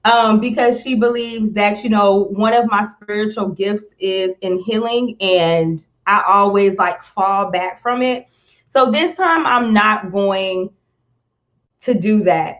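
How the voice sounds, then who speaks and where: A woman talking slowly and with feeling on a live stream, close to tears at times and repeating words as she reaches for them. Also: mid-range voice, fairly bright tone, highs cut off. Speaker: motivational speaker on a live stream. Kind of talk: heartfelt live-stream talk.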